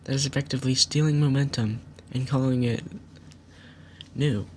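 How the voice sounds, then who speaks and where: A man at an ordinary pitch walks through a falling-out step by step, firm and accusatory. He reads back messages line by line and explains why each one matters. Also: steady tone, moderate pace, darkish tone, slight background noise. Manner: methodical, reads chat messages aloud line by line. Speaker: channel host. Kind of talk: recounting a dispute to camera.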